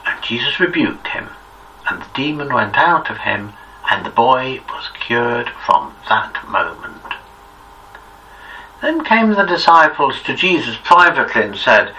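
A man reading scripture aloud in a measured, reverent narration. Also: mid-range voice, lively intonation, pushed and bright. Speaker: scripture reader. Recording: distant muffled recording, faint hiss.

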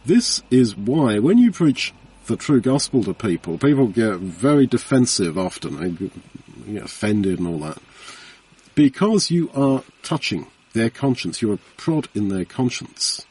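Earnest husky preacher, distant mic. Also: male voice, medium pitch, sing-song, measured pace, a little mellow. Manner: earnest, conversational, repeats phrases for emphasis. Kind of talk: bible teaching sermon. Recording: voice from far off the mic.

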